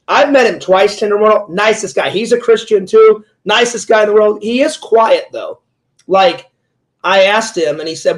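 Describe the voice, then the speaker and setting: A man's voice: high-pitched, normal speed. A talkative man interviewing a fellow streamer in casual chat, rambling through stories with many "like"s and "he goes"s.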